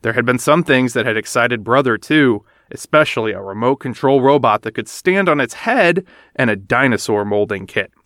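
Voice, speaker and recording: A man reading a children's storybook aloud, animated and expressive. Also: medium pitch, normal speed, dry recording, studio quality. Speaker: narrator.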